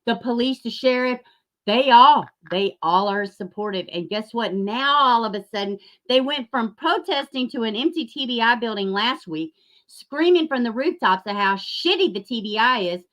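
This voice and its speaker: A fired-up woman with a drawl, ranting profanely into the camera. Her fairly high voice leaps up and down as she mocks her targets, sometimes dropping into a sneering whisper. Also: lively intonation, normal speed. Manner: angry, profane, sarcastic, swings between loud outbursts and mocking asides; drops into a mocking whisper. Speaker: YouTube commentary host. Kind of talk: ranting commentary.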